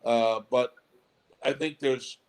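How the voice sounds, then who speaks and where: A man, a comedy club owner and guest, talking in a casual interview in a measured, thoughtful way. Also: medium pitch, fairly even intonation, smooth, low-quality recording.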